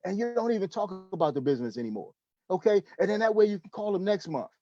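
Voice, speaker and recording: High-voiced emphatic male sales trainer. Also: very animated, fast, warm tone, no echo, dull audio. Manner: emphatic coaching, repeats "okay?" and "listen".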